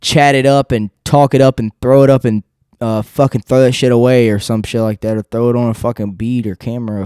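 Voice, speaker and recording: Male solo podcast host, mid pitch, smooth and clean, dry close sound, rambling and profane. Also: steady tone, a little fast, darkish tone, no echo. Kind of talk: casual solo podcast rant. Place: seated indoors without a backrest.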